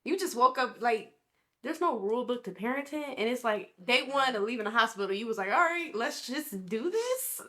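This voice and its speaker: A woman co-hosting a podcast in casual, colloquial chat, affirming and lively. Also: a little high, normal speed. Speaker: podcast co-host.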